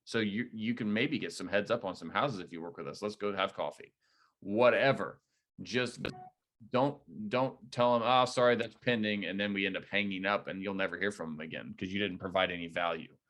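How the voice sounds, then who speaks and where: Man, low voice, direct coaching talk, energetic trainer. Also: fairly quick. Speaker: real estate team leader training agents.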